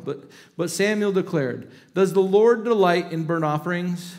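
A middle-aged male pastor preaching a sermon, reading scripture aloud with dramatic emphasis and breaking into casual asides. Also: fairly high pitch.

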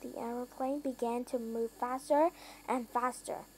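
Slow, high-voiced woman reading a storybook. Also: fairly even intonation, darkish tone, a little hiss or hum, rough recording. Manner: slow, careful reading with small slips and self-corrections; lifts pitch and volume for characters' lines. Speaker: reader. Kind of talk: reading a children's storybook aloud.

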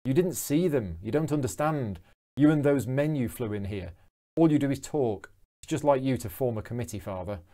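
A man's voice: mid-range voice, lively intonation, normal speed, mellow, lightly acted. A man reading a shaken, bitter young woman.

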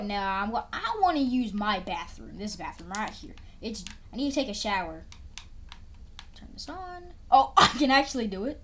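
Woman, casual gameplay talk, talks to herself, very lively pitch. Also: normal speed. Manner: chatty, talks to herself, repeats phrases. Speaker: gameplay video creator.

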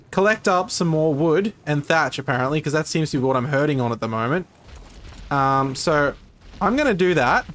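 A man's voice: a little high, fairly bright tone. An Australian man giving casual, self-mocking commentary as he plays a survival video game for his channel. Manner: chatty and self-mocking, with frequent ums and laughs. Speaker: gaming YouTuber. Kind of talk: casual let's-play commentary.

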